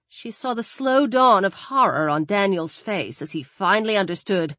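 A woman reading a thriller audiobook aloud with expressive, varied delivery. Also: medium pitch, moderate pace, few pauses, dry recording. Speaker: audiobook narrator. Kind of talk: scripted audiobook narration.

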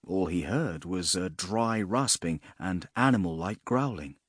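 Husky man reading a fantasy audiobook, lowish voice, lots of swing, dry close mic. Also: expressive, measured pace, no room sound. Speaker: narrator.

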